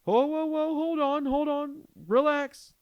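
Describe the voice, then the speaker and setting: A man voicing a jumpy male police officer in a high, urgent, exaggerated voice. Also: fairly even intonation, slow pace, dry recording, highs cut off. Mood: alarmed.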